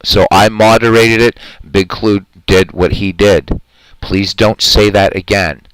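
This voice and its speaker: A man's voice: on the low side, fairly even intonation, measured pace, fairly bright tone, clear, resonant tone, rough recording. A man hosting a live stream in casual chat, talking in an earnest, rambling, heartfelt way and answering his viewers' comments.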